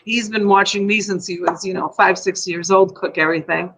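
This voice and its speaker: A woman's voice: mid-range voice, fairly even intonation, fairly quick, a bit bright, rough recording. A middle-aged woman hosting a casual live stream from home, chatty and rambling. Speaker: live-stream host selling items. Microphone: USB desk mic.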